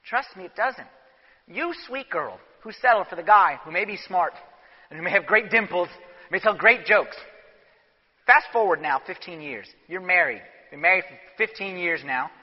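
A man, a priest, preaching a sermon in an animated, emphatic way with sudden bursts. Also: high-pitched, moderate pace, husky. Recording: dull echoey church recording.

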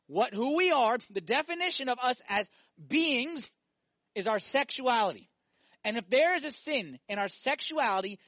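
A male priest giving a sermon, animated, firing off rhetorical questions and acting out little scenes. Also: very high voice, no echo, lo-fi sound.

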